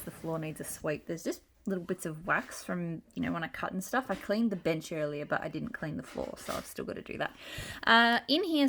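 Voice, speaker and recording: Chatty Australian woman, somewhat low voice. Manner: rambling and chatty, with many ums and restarts. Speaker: wax melt collector showing her stash. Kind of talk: casual chatty tour. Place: home with noises around. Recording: noisy home recording.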